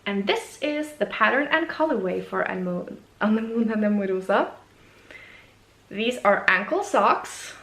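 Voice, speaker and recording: A woman's voice: medium pitch, expressive, a little slow, fairly bright tone. A woman, a knitwear designer hosting a casual video podcast, chatting in a gushing, enthusiastic and self-deprecating way. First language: Norwegian. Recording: echoey room.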